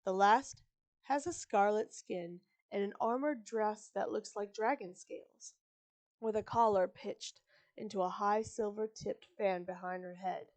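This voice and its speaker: A woman reading a book aloud on a live stream, pausing for chatty, digressive asides and correcting her own slips. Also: medium pitch, a little mellow. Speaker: live-stream story reader.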